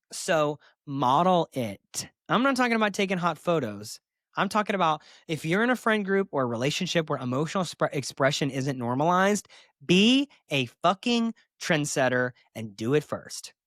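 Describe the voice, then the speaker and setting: A fairly high-voiced man hosts a solo podcast, speaking candidly and with emphasis. He drops sassy asides as he talks. The sound is dry and close. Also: a bit bright, no echo. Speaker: podcast host and therapist.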